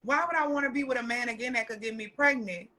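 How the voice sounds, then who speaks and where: A woman tells stories as a podcast guest. Her voice sits high and sounds bright and forceful. She talks loudly and animatedly, swearing freely and breaking into laughter. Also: fast talker. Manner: loud, animated and profane, laughing often. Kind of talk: casual storytelling chat.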